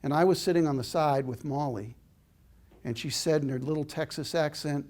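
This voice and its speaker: Older guy giving a heartfelt talk, slightly high voice, earnest and reflective. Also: normal speed, darkish tone. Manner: earnest, reflective storyteller with small restarts. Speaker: inspirational speaker. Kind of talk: personal storytelling talk.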